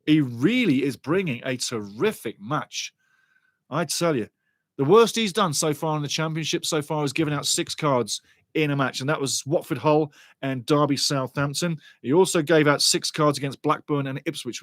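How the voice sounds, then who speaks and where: A man giving lively, chatty live football watchalong commentary and greeting viewers in the chat. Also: on the high side, moderate pace, dry recording, clean studio sound.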